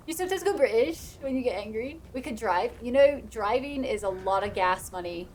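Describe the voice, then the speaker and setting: A woman streaming a game who chats casually with her viewers and laughs often. Her accent drifts playfully whenever she gets animated. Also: medium pitch, moderate pace, slight background noise. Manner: chatty, laughs a lot, drifts between playful put-on accents. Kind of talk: casual live-stream chat.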